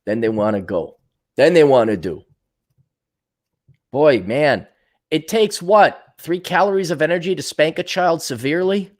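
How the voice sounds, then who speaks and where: Guy ranting on his own show, swears a lot, voice bounces all over, kinda high. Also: a little slow, long pauses. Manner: blunt, profane, animated, acts out quoted voices. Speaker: podcast host answering viewer comments. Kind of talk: casual opinionated monologue.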